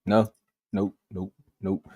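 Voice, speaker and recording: Slangy sports show guy, acts out what people say, kinda low voice, dry audio. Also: slow, slightly rough, no room sound, lo-fi sound. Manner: animated, slangy, acts out quotes. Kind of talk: casual sports talk.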